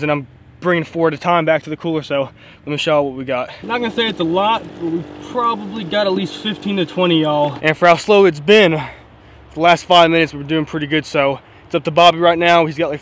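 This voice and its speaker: A young man hosting an outdoor fishing vlog, chatty and excited, talking straight to his viewers. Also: on the high side, slight background noise. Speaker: fishing vlogger. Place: outdoors by a pond.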